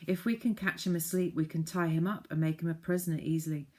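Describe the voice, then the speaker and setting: A woman's voice: deep voice, steady tone, quick pace, a little mellow. A woman reading a practical little girl. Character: sensible, practical young girl.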